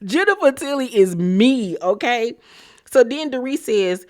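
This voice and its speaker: A woman's voice: fairly high pitch, sing-song, a little slow, darkish tone. A young adult woman hosting a reality TV recap vlog, talking in a sassy, blunt, profane ranting way. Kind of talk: casual commentary vlog.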